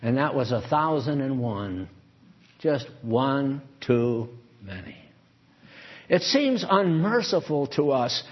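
A man's voice: medium pitch, lively intonation, slow, husky. A man preaching a sermon in a conversational, digressive way, reading scripture aloud and asking his listeners questions. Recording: dull lo-fi recording.

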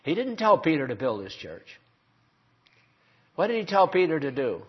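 An older male preacher delivers a sermon with a husky, slightly raised voice. He presses his points with rhetorical questions to the congregation. The recording sounds dull and lo-fi. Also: fairly high pitch, sing-song, normal speed.

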